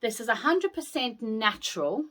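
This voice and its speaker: Gushing British woman, higher voice. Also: sing-song, moderate pace, a bit bright. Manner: chatty, gushing, exclaims over items. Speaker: haul vlogger. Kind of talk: casual haul video chat.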